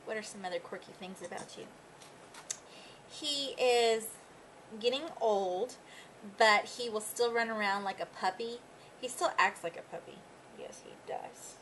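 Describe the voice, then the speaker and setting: Young woman, casual pet vlog, bright voice, light background hiss. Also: measured pace, long pauses, low-quality recording. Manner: chatty, with high baby talk to her dogs. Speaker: pet vlogger. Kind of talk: casual chat, reading tag questions aloud.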